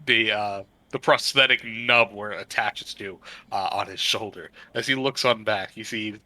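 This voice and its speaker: A man narrating as game master of a tabletop game, halting often with fillers as he describes the scene. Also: lowish voice, bright, forceful tone, no echo, rough recording. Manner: halting narration with many uhs.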